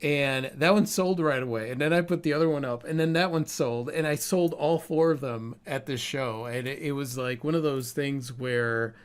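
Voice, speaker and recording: A man co-hosting a casual podcast about art, talking in a relaxed, candid way and swearing freely. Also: medium pitch, smooth. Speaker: podcast co-host, artist.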